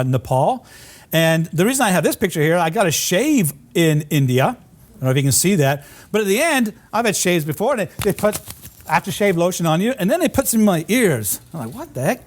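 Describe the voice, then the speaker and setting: A man lecturing as a college geography professor, telling travel stories from slides with lively anecdotes that draw laughter. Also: fairly high pitch. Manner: animated anecdotes with audience laughter. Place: lecture hall.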